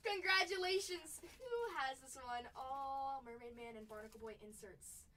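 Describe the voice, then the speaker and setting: High bright excitable woman streamer. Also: moderate pace. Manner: excitable, exclaims often. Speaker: livestream card-break host. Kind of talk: live unboxing commentary. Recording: voice a bit far from the mic.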